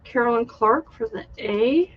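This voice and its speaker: A woman hosting a live online craft sale, chatty and unhurried, showing handmade items and reading out winning bidders. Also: a little high, lo-fi sound. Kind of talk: live online sales stream.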